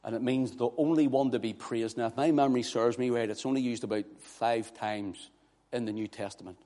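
A man preaching a sermon, swinging from hushed, quiet passages to loud, impassioned declarations. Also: mid-range voice, fairly even intonation, fairly quick. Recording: long hall reverb.

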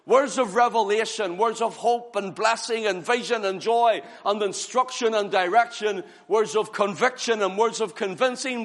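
A man preaches a revival sermon in a high, ringing voice. His delivery is fervent and rhythmic, swelling into loud cries and sinking into hushed near-whispers. The sound carries a long reverb, as from a church hall.

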